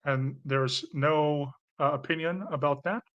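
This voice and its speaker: A man's voice: on the high side, steady tone, a little slow, fairly bright tone, dull audio. A man with a light Canadian accent chatting casually as host, rambling a little and often restarting his sentences while he answers comments. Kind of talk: casual livestream chat.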